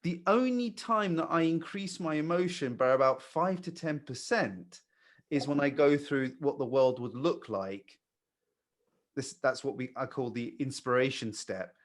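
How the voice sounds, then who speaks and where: A man coaching new hires on sales calls, calm and blunt, swearing casually. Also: mid-range voice, a little slow. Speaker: sales trainer.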